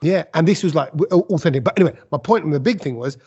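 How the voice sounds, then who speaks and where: A husky, slightly high-voiced man spins animated stories in casual podcast chat. The audio is dull and lo-fi. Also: very fast. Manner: animated storyteller, puts on silly voices. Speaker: podcast host.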